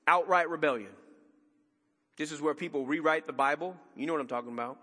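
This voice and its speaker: A man preaching a sermon as pastor, emphatic and conversational with dramatic pauses, in a church sanctuary. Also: on the high side, bright, forceful tone, big-room sound.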